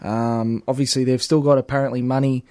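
An Australian man chats casually as a union organiser, padding his talk with stock fillers. His voice sits at an ordinary pitch. The recording is dry, with no room sound. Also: little pitch movement, fairly quick, darkish tone, no echo. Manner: chatty, leans on fillers like "obviously" and "at the end of the day". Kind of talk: casual podcast chat.

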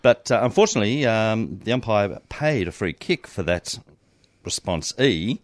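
A man's voice: lowish voice, sing-song, normal speed, no echo. Hesitant man quizzing his co-host. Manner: quizzing, hesitant with many ums. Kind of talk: casual sports chat.

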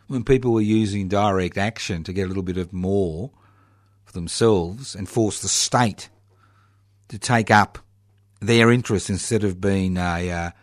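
A deep-voiced Australian man delivers a sardonic political monologue packed with rhetorical questions, slowly and emphatically stressing key words. The recording is dry and studio quality.

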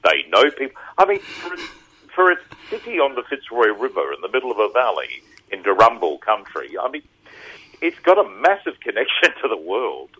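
A man in his fifties with an Australian accent, a radio guest who tells stories in an animated way. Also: medium pitch, moderate pace, slightly rough, rough recording. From Rockhampton, Queensland, Australia. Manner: animated storyteller. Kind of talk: casual radio interview.

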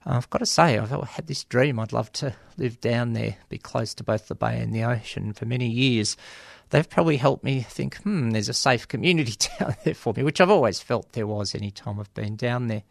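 A chatty Australian man hosting a community radio show in a studio, his voice gravelly with touches of vocal fry. He rambles easily through ums and dry jokes. The recording sounds close and dry, with no room around the voice. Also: mid-range voice, fairly quick, no echo. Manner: chatty, wry, many ums and asides. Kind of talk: casual radio monologue. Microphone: studio microphone.

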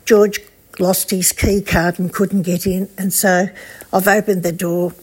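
A woman's voice: lowish voice, flat delivery, measured pace, breathy edge. Older Australian woman telling fond stories. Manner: warm storytelling with hesitations. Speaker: friend giving a tribute. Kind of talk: spoken memorial tribute.

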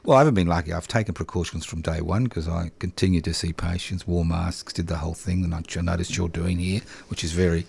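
A man's voice: sits low, fairly even intonation, fast talker, creaky, hardly any pauses, darkish tone, slightly rough. Teasing Australian man hosting radio. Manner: teasing and joking, laughs often. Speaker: radio host. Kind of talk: casual studio chat. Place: radio studio.

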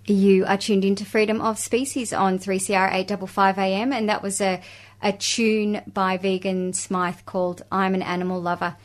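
Woman radio host announcing the station. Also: medium pitch. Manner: steady, announcing. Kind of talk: radio presenting.

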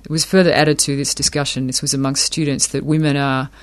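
A man's voice: medium pitch, level tone, brisk. A man explaining academic ideas in an interview, thoughtful, often repeating words as he works a point out.

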